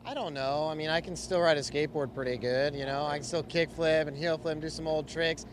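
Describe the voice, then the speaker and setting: A man's voice: a little high, fairly even intonation, fairly quick. A man from California, a race car driver, answering interview questions in an easygoing, rambling way. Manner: easygoing, rambling, many fillers. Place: outdoor race garage. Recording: noisy outdoor garage recording.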